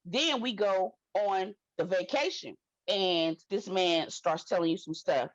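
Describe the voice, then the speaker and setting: A woman guest in a casual recap chat, blunt and animated, with slangy storytelling. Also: on the low side, a little slow, dry recording, highs cut off.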